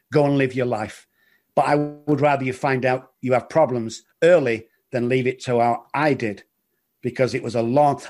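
A middle-aged man telling his recovery story in an interview, earnest and halting, often repeating words. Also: mid-range voice, a little mellow. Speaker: guest in recovery.

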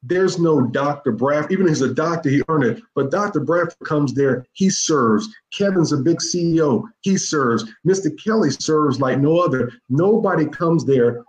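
Middle-aged man, fairly high voice, emphatic and repetitive, roomy echo. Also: animated, moderate pace, hardly any pauses. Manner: emphatic, repetitive, keeps addressing the host by name. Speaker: youth mentor guest. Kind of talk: casual interview talk. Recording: echoey room.

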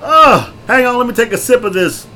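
A middle-aged man co-hosting a podcast, loud, jokey and excitable, laughing often. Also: extremely high pitch, fairly quick. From Texas. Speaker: podcast co-host. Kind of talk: casual chat. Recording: faint background noise.

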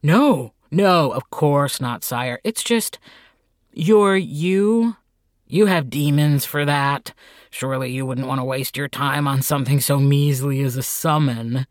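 A man doing a squeaky, jittery demon underling. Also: takes it slowly, no room sound, clean studio sound, natural voice. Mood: nervous. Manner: stammering, flustered and obsequious. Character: nervous fawning male demon supervisor. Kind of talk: audiobook character voice.

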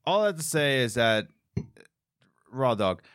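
A man's voice: mid-range voice, sing-song, measured pace, a bit bright, no echo, studio quality. A man co-hosting a podcast in casual chat, joking and teasing. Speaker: podcast co-host.

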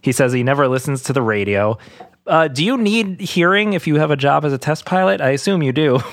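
A man's voice: on the high side, lively intonation, a little fast, no room sound. A man co-hosting a casual podcast, talking in a chatty, rambling way and laughing often. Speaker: podcast co-host. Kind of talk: casual chat.

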